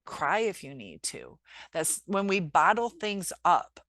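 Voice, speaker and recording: Earnest woman with a low, dry voice. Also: big pitch swings, slow, fairly bright tone, no echo. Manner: earnest, encouraging, reflective. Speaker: teacher and healing vlogger. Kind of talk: casual motivational vlog talk.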